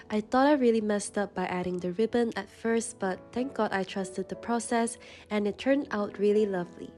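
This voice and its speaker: A young woman with a slightly stuffy, congested voice narrates a voice-over for her journaling channel, calm and gentle. Her tone is mellow and warm, at a middle pitch, and soft music plays quietly underneath. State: congested from a runny nose.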